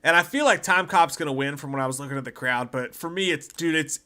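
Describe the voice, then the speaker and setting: A man co-hosting a livestreamed movie podcast, chatting casually, excited and profane, often laughing. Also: a little high, quick pace. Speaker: podcast co-host.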